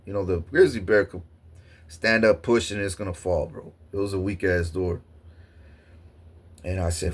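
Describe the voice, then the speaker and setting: Low-voiced man telling a wild story. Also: moderate pace, long pauses. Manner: profane, rambling, excitable. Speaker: vlogger. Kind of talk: casual storytelling.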